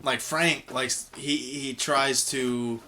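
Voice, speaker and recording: A man's voice: medium pitch, steady tone, slow pace, pushed and bright. Laid-back male podcast co-host, rambling and casual. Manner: rambling, lots of ums and likes. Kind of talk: casual film review chat.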